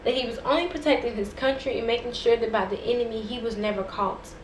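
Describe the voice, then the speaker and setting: A poet with a fairly high-pitched voice speaks quickly, delivering a dramatic, rhythmic spoken word piece that builds into impassioned intensity. The room is echoey, with faint noise in the background.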